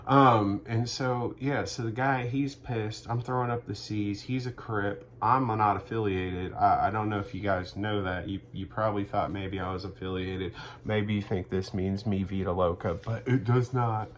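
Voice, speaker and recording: A man riffing through a rambling, profane comic monologue in a deadpan delivery. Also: fairly low pitch, normal speed, hardly any pauses, a little hiss or hum. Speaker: comedic vlogger.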